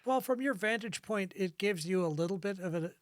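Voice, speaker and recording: A man acting as game master, describing scenes and rules, thinking aloud with pauses and restarts. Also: high voice, no room sound, studio quality.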